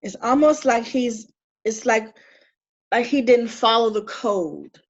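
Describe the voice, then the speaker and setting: A woman spiritual medium giving a reading, animated and exclamatory, laughing often as she relays messages. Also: on the high side, takes it slowly. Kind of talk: live spiritual reading session. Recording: dull lo-fi sound with faint noise.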